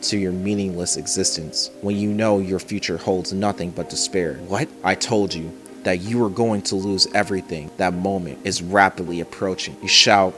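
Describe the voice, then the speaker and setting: A calm, menacing ancient male villain, read out by a man in his own low voice. The delivery is flat and stumbles, with restarts. Faint music runs underneath. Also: moderate pace, few pauses.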